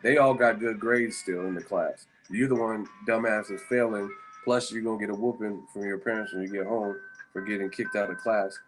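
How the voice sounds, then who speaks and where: A man's voice: fairly low pitch, steady tone, normal speed. A man hosting a boxing live stream, rambling and cursing through tired, casual banter with his viewers. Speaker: boxing channel host. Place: hotel room in Las Vegas. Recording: music playing behind.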